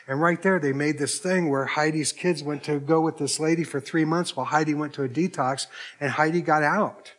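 A man's voice: a little high, steady tone, brisk, fairly bright tone. A man preaching a sermon, telling a story in a conversational way and quoting the people in it. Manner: conversational, retells dialogue with quoted voices. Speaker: pastor.

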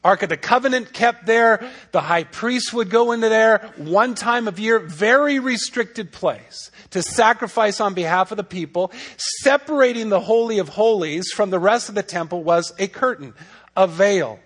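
A man's voice: high-pitched, normal speed, fairly bright tone. A man preaching a sermon as pastor, conversational and emphatic, asking rhetorical questions.

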